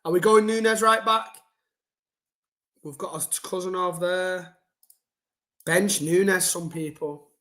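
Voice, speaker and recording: A man's voice: high voice, steady tone, a little slow, pauses often, a bit bright. A young man ranting bluntly and casually to his chat during a football live stream, swearing and using slang.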